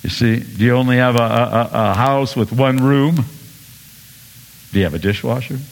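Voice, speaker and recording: A male pastor delivers an animated sermon in a church sanctuary, his voice sitting at an ordinary middle pitch. He swings between sudden loud bursts and quiet, soft asides. A long reverb trails each phrase through the large hall. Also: moderate pace, creaky.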